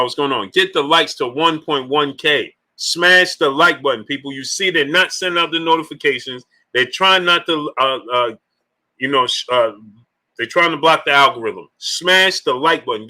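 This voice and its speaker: A man hosting a boxing live stream in a loose, joking chat style, shouting out viewers by name and urging them to like the video. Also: a little high, low-quality recording. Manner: loose, laughing, joking banter. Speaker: boxing livestream host.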